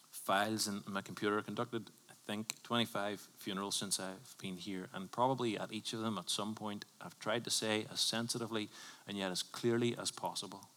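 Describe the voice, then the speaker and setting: A man preaching a sermon as a pastor, conversational and emphatic, swinging from loud bursts to hushed lines. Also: fairly low pitch, big-room sound. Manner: emphatic, conversational preaching with sudden bursts and drops to near whisper. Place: church.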